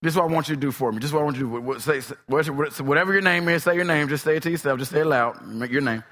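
A man preaching a sermon, swinging between soft, low asides and shouted, emphatic lines. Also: racing, in a large hall.

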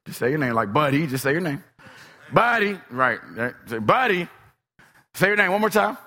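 A man preaching a sermon, swinging between soft, low asides and shouted, emphatic lines. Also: very animated, fast talker, in a large hall.

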